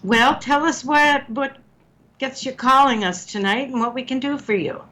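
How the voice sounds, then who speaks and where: A middle-aged woman hosting a relationship advice call-in radio show. She speaks in a warm, motherly way and teases her co-host. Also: sits high, normal speed. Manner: warm, motherly, teasing with guests. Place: radio studio.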